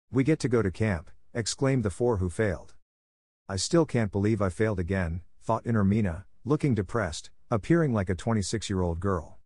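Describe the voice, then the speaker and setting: A man narrating a fan-fiction story in a steady, evenly paced scripted read. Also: on the low side, dry recording, studio quality.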